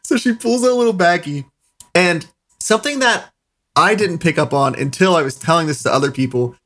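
A man's voice: on the high side, animated, brisk, fairly bright tone. A young man casually telling a long, rambling anecdote among friends. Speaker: storyteller. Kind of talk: casual chat.

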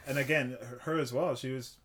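A young man co-hosting a podcast, telling a concert story in a relaxed, animated way. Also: medium pitch, a little fast. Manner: animated storytelling, quotes people in raised voice. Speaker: podcast co-host. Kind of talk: casual chat.

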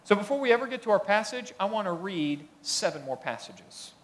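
Man preaching with lively emphasis. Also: high-pitched, a little fast. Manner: conversational preaching, rising emphasis on key points. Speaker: pastor. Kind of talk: sermon.

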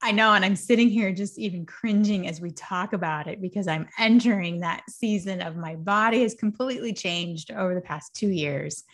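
A woman's voice: mid-range voice, normal speed, hardly any pauses. A woman in her forties hosting a podcast, chatting casually and reflectively, laughing now and then as she talks. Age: 40s. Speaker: podcast host.

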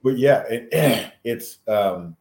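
A man in casual podcast chat, speaking haltingly and reflectively with restarts and throat clearing. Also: medium pitch, expressive, darkish tone, reverberant.

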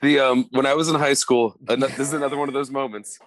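A man's voice: medium pitch, quick pace, dry recording. A young adult man co-hosting a podcast, telling funny stories in casual chat and laughing often. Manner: animated storyteller who laughs a lot and acts out quoted voices. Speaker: podcast co-host.

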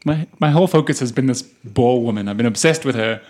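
A woman playing a tabletop role-playing game, describing her character's moves in a playful, animated way and laughing often. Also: extremely low pitch, brisk, a little hiss or hum. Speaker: player.

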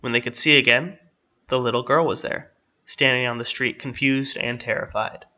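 A man reading a story aloud in steady, measured narration. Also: medium pitch. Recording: slightly dull, lo-fi.

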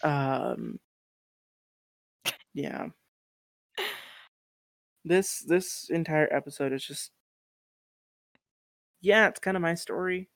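A woman's voice: low-pitched, drawn-out words, creaky, long pauses, no echo. A woman speaking as a guest on a podcast interview, earnest and encouraging, with some casual swearing.

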